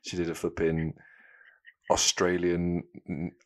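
A man with a very deep voice hosts a casual podcast chat. He rambles, teases and drifts off on tangents, loose and playful. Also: monotone, slow pace. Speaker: podcast host.

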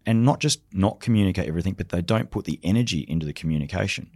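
Deep-voiced man telling war stories. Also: lively intonation, rapid-fire, mellow, dry recording, studio quality. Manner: vivid anecdotes, acts out quoted dialogue. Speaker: leadership consultant, special forces veteran. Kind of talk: storytelling podcast conversation.

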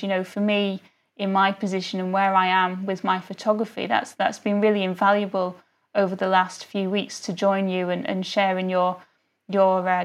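Chatty woman guest on a podcast. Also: medium pitch. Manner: friendly, lots of "you know" fillers. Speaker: interview guest, photographer. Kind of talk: casual interview conversation.

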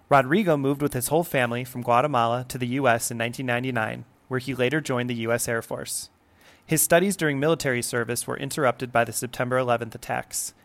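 Male host, mid-pitched, reading a scripted podcast introduction in a measured, formal way. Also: a bit bright.

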